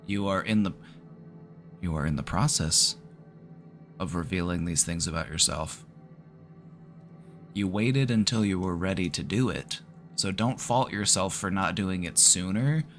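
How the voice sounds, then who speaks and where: A man giving calm, reassuring, casual advice as the host of a live online therapy stream. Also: low-pitched, measured pace, pauses often, faint music behind.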